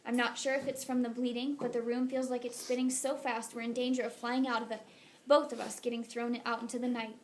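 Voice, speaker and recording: Soft-spoken woman reading a novel aloud. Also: on the high side, level tone, fairly quick, slight background noise. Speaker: audiobook narrator. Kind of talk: first-person audiobook narration.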